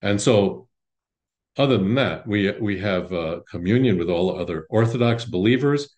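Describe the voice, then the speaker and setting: Deep-voiced priest giving a halting parish talk. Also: male voice, lively intonation, darkish tone. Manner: halting, many restarts and fillers, conversational. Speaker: Orthodox priest. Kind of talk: informal parish teaching talk.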